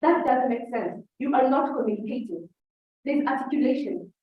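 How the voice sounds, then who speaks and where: A young woman with a Kenyan English accent delivers a prepared, oratorical debate speech in a high, animated voice at normal speed, repeatedly addressing her audience. A distant, dull mic in a very echoey hall captures her, with a little hiss or hum.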